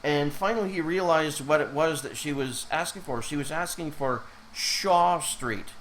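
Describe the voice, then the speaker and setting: A man's voice: a little high, normal speed, a bit bright, a little hiss or hum, low-quality recording. A man who has a cold, chatting casually while streaming live as an animator and reacting to his chat.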